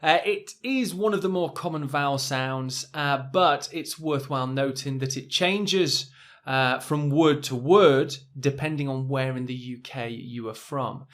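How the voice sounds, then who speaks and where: A man from Northern England with a Northern English accent, teaching pronunciation in a recorded lesson and drawing out the example words with care. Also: mid-range voice. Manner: slow, careful, stretching example words.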